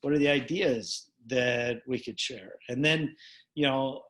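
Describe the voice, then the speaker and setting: A man's voice: medium pitch, unhurried, a bit bright. A middle-aged man teaching a coaching method in casual conversation, playful and acting out both sides of short dialogues.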